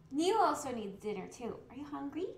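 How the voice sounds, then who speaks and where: A young woman streamer chatting casually and rambling while she cooks, with the mic set away from her in a home kitchen. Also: high-pitched. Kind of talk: casual chat. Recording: roomy echo, faint background hiss.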